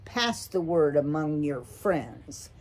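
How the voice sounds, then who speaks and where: A woman's voice: deep voice, lively intonation, slow, a little mellow, husky, full character voice. A woman reading a storybook aloud, voicing a bossy, menacing male owl who demands and screeches impatiently. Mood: demanding.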